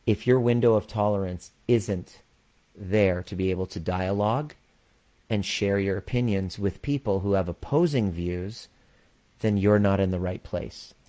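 A man with a deep, low voice tells a personal story in a relaxed monologue. He talks candidly and earnestly and swears freely along the way. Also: measured pace. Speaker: former chiropractor, community leader.

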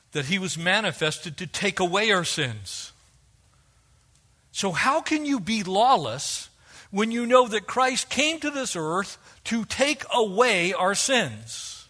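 A man preaching a sermon, animated and fond of acting out quoted voices. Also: high voice. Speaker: pastor.

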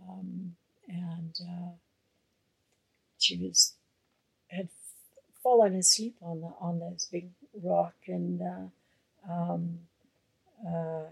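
A woman telling a traditional story out loud in an unhurried way, full of fillers and trailing soft phrases. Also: lowish voice, no echo, low-quality recording. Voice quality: husky, gravelly. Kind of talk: oral storytelling.

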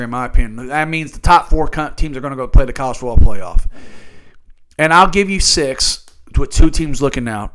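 A man's voice: mid-range voice, fairly bright tone. A man hosting a solo sports talk show, ranting in a fired-up, profane way. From Louisville area.

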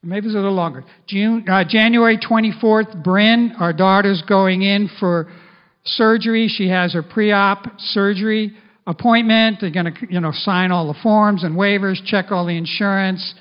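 Male pastor, middle-aged, animated sermon, high voice, muffled lo-fi recording. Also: normal speed. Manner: animated preaching, voicing Jesus in first person. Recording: dull lo-fi sound.

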